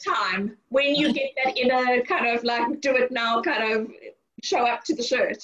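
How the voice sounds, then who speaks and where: A woman hosting an interview over a video call, encouraging and asking gentle questions. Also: fairly high pitch, normal speed, highs cut off. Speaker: interview host. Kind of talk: conversational interview.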